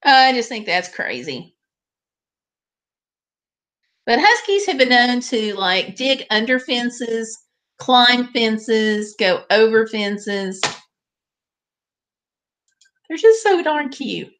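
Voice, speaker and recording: A woman's voice: on the high side, expressive, slow, fairly bright tone. A woman hosting a live stream, chatting casually and directly with her viewers.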